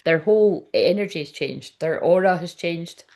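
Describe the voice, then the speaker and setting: A woman's voice: fairly low pitch, normal speed, darkish tone. A woman giving a casual tarot reading, chatty and frank, swearing often and laughing as she talks. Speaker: tarot reader.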